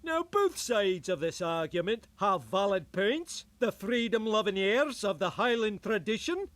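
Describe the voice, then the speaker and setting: An actor voicing a cranky middle-aged Scottish groundskeeper in a cartoon, with a heavy Scottish accent and a blustery, scornful rant. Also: male voice, high-pitched, sing-song, a little slow, fairly bright tone, dry recording, full character voice. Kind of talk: cartoon voice acting.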